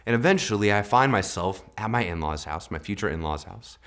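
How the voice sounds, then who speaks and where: A man's voice: on the low side, a little fast. Young man telling a devotional story. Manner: conversational storytelling, lively swings in loudness. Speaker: devotional host. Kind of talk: devotional talk with personal story.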